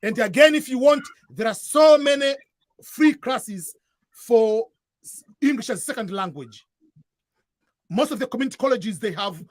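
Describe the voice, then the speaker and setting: A man's voice: extremely high pitch, breathy edge, no echo. A man from East Africa with an East African accent, giving earnest advice in a casual chat and often repeating and restarting his phrases. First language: Swahili. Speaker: guest giving advice to newcomers.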